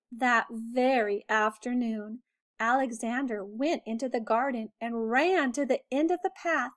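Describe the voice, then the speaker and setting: Slow, expressive woman reading a picture book. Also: a little high. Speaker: teacher reading aloud. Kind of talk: children's picture book read-aloud.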